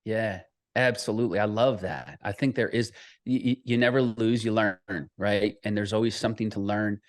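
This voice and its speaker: A man's voice: on the low side, steady tone, moderate pace, dry recording, clean studio sound. A man in his thirties, an associate pastor and author, earnestly telling a personal story in an interview with frequent restarts.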